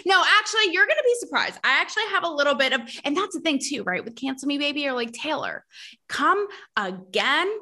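Bright, high-voiced sassy woman. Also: fast talker, hardly any pauses. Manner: gossipy, animated, sassy. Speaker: podcast host. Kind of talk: casual chat.

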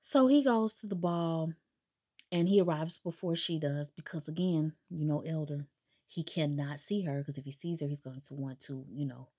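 A woman's voice: sits low, normal speed, warm tone, slightly rough. A woman casually recapping a novel's plot, chatty and sarcastic, acting out the characters' lines as she goes. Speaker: book reviewer.

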